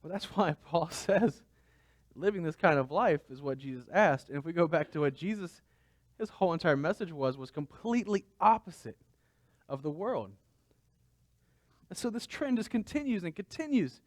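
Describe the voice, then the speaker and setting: A man's voice: on the high side, expressive, normal speed, no echo. A man pastor giving a conversational sermon, asking the congregation rhetorical questions.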